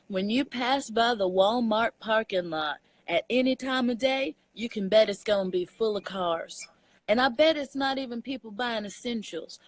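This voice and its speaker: A young adult woman from Texas with a Southern accent, chatting casually as a comedian guest, animated and laughing often. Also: on the high side, dry recording, rough recording. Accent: Southern US, Texan. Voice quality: animated storyteller, laughs often, mixes in slang. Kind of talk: casual chat.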